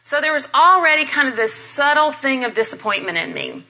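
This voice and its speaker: A married woman telling a self-deprecating personal story to a church congregation, animated and acting out the people she quotes. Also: high-pitched, a little fast, muffled recording.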